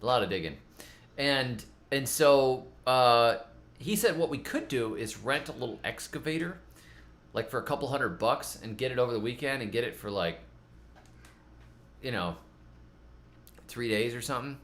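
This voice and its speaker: A middle-aged man chats casually on his gardening channel. He rambles and pokes fun at himself, often doubling up his words, at a middle pitch. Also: animated, normal speed, long pauses, a bit bright. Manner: rambling, self-mocking, repeats words often. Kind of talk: casual rambling vlog chat.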